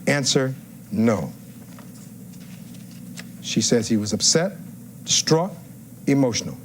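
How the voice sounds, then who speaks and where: A man's voice: mid-range voice, very animated, takes it slowly, a little hiss or hum. Man arguing a courtroom closing. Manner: rhetorical questions, reads testimony aloud. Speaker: defense attorney.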